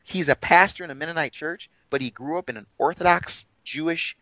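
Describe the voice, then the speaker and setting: A man's voice: on the high side, a little fast, sharp tone, no room sound, poor audio. A man telling a long story in an emphatic way during a podcast conversation. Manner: emphatic, retells dialogue with exaggerated quoted voices. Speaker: guest.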